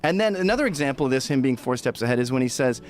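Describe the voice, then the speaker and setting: A man's voice: medium pitch, expressive, racing. A man giving blunt, profane, sardonic commentary in casual chat. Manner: blunt, sardonic, mimics other people's voices.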